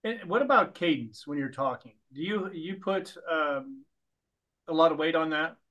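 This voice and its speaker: A man hosting a casual interview, with a slightly higher voice. He asks short questions and fills the gaps with quick agreeing words. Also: animated, a bit bright, muffled recording. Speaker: interview host.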